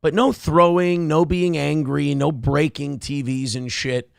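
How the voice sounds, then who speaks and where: A man's voice: fairly high pitch, level tone, a little slow, vocal fry, clear, resonant tone, dry recording, clean studio sound. A man in his thirties from Minnesota hosting a live show, ranting with plenty of profanity. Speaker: show host. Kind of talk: casual live-stream commentary.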